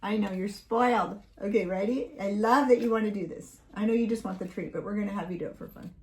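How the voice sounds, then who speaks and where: A woman's voice: medium pitch, fast. A woman giving a casual tarot reading to viewers, chatty and playful, breaking off to talk to her dog. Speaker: tarot reader.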